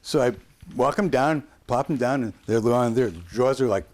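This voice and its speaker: Speaking at normal speed with a medium-pitched, slightly mellow voice, this man from the United States, in his sixties, rambles through a story as an interview guest, often hesitating and starting over.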